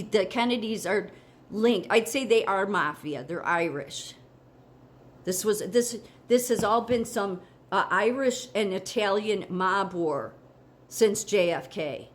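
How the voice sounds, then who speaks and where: Heated, indignant American woman ranting. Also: medium pitch. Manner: heated, indignant, rambling with restarts. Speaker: political commentary vlogger. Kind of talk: casual opinion monologue.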